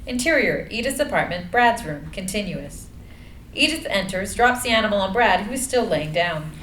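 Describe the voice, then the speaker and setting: A woman narrating the action lines of a screenplay reading in a measured, plain way. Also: mid-range voice, animated, fairly bright tone. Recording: echoey room, light noise.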